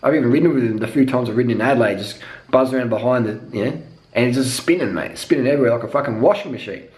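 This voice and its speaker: A man's voice: medium pitch, racing, darkish tone. A man delivering a profane, rambling cycling rant with emphatic repetition. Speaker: cycling vlogger. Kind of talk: unscripted monologue rant. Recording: echoey room.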